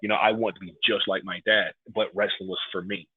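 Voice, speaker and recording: A man with a very low, husky voice talks as a podcast guest. He tells stories in a heartfelt, rambling way, leaning on "like" and "man". The sound is thin and phone-like. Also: level tone, fast talker. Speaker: professional wrestler, podcast guest. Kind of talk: casual interview storytelling. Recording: phone-like narrow band audio.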